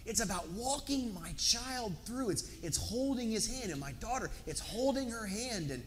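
Animated Southern preacher, high and lively. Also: male voice, normal speed. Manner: emphatic, animated, repeats words for stress. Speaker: pastor. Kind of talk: sermon. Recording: echoey hall, faint background noise.

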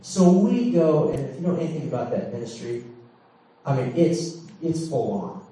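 With a fairly high, mellow voice, lively intonation and a moderate pace, a middle-aged preacher tells a frank personal story marked by laughter and dramatic shifts. The setting is a large church hall, picked up by a distant mic in echoey acoustics.

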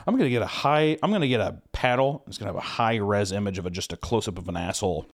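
A man guesting on his mother's podcast, teasing her with sarcastic, deadpan jokes. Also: on the low side, fast talker. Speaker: podcast guest, online animator. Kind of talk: casual podcast banter.

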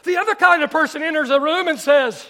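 A male pastor preaching a sermon, repeating phrases for emphasis, shouting some lines and dropping others to a near murmur. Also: very high-pitched, fast.

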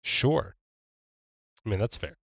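A man's voice: takes it slowly, a bit bright, no room sound, clean studio sound. A man playing a tabletop game who asks lots of clarifying questions in a casual way. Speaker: player.

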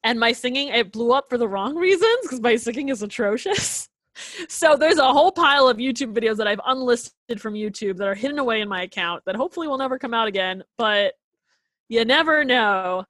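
Bubbly, higher-voiced young woman. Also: animated, fairly bright tone, no room sound. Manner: bubbly, giggly, quick with filler words. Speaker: podcast guest. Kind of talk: casual interview chat. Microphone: video call. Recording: dry video call audio.

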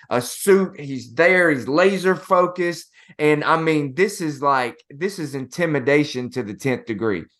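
Slow-talking man telling a story. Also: fairly high pitch, a bit bright. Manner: storytelling, addresses co-host as bro. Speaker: podcast co-host. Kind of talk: casual motivational chat.

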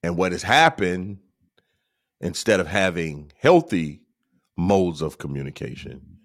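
An adult man hosts a podcast, delivering a casual, preachy monologue in which he repeats phrases for emphasis. He mocks others by putting on high, teasing voices.

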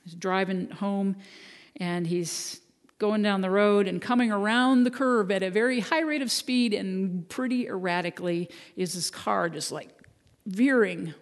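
Minister at the pulpit, easygoing storyteller, mid pitch, long hall echo. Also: a little slow. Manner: conversational storytelling with gentle humor. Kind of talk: sermon. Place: church sanctuary.

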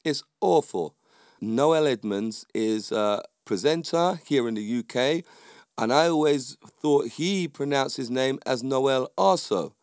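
A man's voice: mid-range voice, takes it slowly, darkish tone, smooth, no room sound, clean studio sound. A man giving an emphatic casual monologue as a podcast host, often adding tag questions.

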